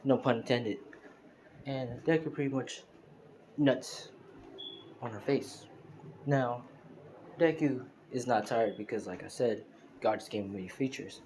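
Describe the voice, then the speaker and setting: A man's voice: mid-range voice, a little slow, long pauses, darkish tone, slight background noise, poor audio. A man improvising a fan story aloud, rambling with many fillers and restarts, recorded on a phone. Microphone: phone screen recorder.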